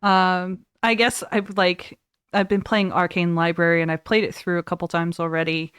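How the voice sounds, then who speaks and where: A woman hosting a casual podcast, chatty and quick to laugh, her voice trailing off softly at times. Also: lowish voice, little pitch movement, smooth, no room sound, clean studio sound. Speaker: podcast host.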